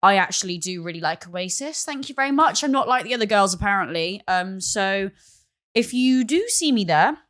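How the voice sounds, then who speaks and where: A woman's voice: mid-range voice, animated, moderate pace, a bit bright. A young woman chats on a podcast in a mid-range voice. She is playful and self-mocking. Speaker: podcast co-host. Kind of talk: casual podcast chat.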